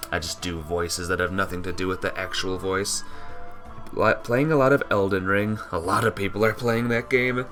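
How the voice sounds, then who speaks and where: A man's voice: low-pitched, steady tone, moderate pace, a bit bright, soft background music. A man giving laid-back, joking commentary while playing a video game. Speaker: gaming channel host. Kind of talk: casual commentary over a game.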